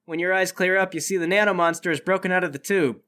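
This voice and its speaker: A man narrating a tabletop game as game master, playful and animated. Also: high-pitched, fast talker.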